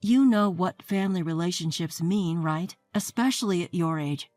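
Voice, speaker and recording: A woman's voice: lowish voice, moderate pace, a little mellow, dry recording, lightly acted. A woman voicing a pushy, sarcastic sister-in-law who talks in a righteous, demanding way. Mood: scolding. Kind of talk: scripted story narration.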